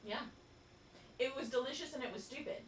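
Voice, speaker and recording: A woman co-hosting a casual chat, animated and laughing often. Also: high voice, brisk, reverberant, far from the mic, slight background noise. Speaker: podcast co-host.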